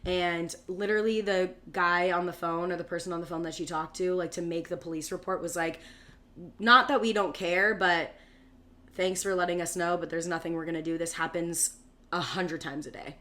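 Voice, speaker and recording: A woman's voice: lowish voice, flat delivery, brisk, fairly bright tone. A woman in her thirties co-hosting a podcast, telling a long story in casual chat with lots of "like" fillers and acted-out quotes. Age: 30s. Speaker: podcast co-host.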